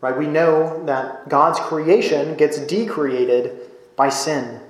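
A man preaching a sermon as pastor, earnest and explanatory, often checking in with his listeners with a quick "right?". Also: a little high, roomy sound, poor audio.

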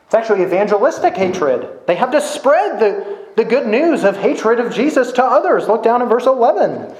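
A male pastor delivers a sermon in a casual, conversational way, often tossing in "right?" to check in with listeners. His voice sits a little high for a man. The sound carries a noticeable room echo. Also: lively intonation, fairly quick, darkish tone, a little hiss or hum. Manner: conversational, with frequent "right?" tag questions. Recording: echoey room.

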